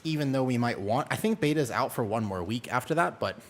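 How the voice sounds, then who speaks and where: A man chatting casually on a live game stream, excitable and full of quick exclamations. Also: mid-range voice, slight background noise.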